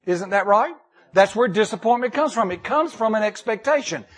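A man preaching a sermon, reading scripture and repeating key lines emphatically with dramatic pauses. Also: high voice, animated, a bit bright, husky. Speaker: pastor.

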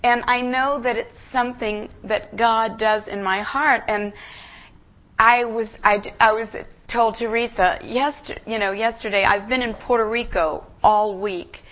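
A woman guest preacher giving an emotional, earnest sermon in a church, halting and restarting as she speaks. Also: on the high side, fairly even intonation, fairly bright tone.

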